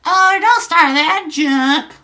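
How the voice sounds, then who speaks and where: A man doing a squeaky teenage girl. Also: pushed and bright, heavily acted. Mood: bubbly. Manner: shrill, squealing, drawn-out.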